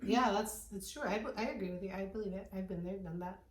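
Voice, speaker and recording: A woman's voice: mid-range voice, fast. Young woman just chatting w her friends, kinda echoey room. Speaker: friend in group chat. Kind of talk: casual chat among friends. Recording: roomy, distant from mic.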